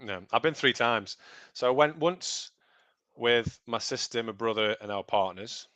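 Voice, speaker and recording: A man's voice: mid-range voice, unhurried, bright, forceful tone, no room sound. A man co-hosting a live podcast, rambling and laughing easily in casual chat. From Stoke-on-Trent, England. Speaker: podcast co-host. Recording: dull lo-fi dry sound.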